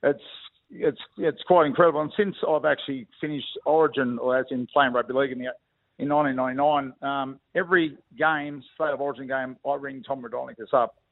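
A man's voice: medium pitch, fairly even intonation, brisk. A middle-aged Australian man, a former rugby league player, chatting matily as a phone-in guest on the radio. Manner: matey, calls everyone "mate", reminiscing. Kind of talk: casual radio chat over the phone. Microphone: telephone. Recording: tinny phone line.

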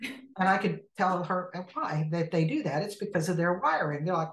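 Woman, somewhat low voice, animated storyteller, inner healing minister, echoey room. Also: normal speed. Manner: animated storyteller who acts out the people in her stories. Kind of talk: storytelling in a conversational interview. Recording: roomy echo.

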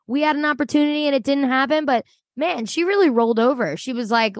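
Woman co-host, slightly high voice, slangy and emphatic, dry studio sound. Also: a little fast, no room sound. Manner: chatty, emphatic, uses slang, swears. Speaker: podcast co-host. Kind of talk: casual chat.

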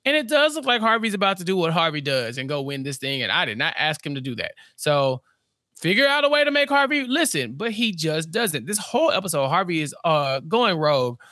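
A woman's voice: low-pitched, very animated, brisk, fairly bright tone, no echo, studio quality. A woman co-hosting a podcast, chatting casually as she recaps a show and acts out characters in exaggerated voices. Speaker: podcast co-host. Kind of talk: casual episode recap chat.

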